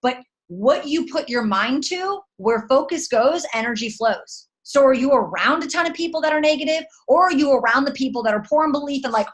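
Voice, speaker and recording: A woman's voice: sits high, expressive, fairly quick, few pauses. A woman giving a fired-up motivational pep talk to her sales team. She speaks emphatically, uses slang and fires off punchy rhetorical questions. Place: at home at night.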